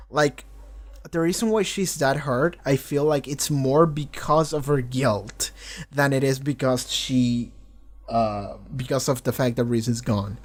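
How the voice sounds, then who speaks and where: A man talking through a TV episode in a casual reaction video, rambling with lots of fillers and freely swearing. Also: mid-range voice. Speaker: TV reaction vlogger. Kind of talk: casual spoken reaction and discussion.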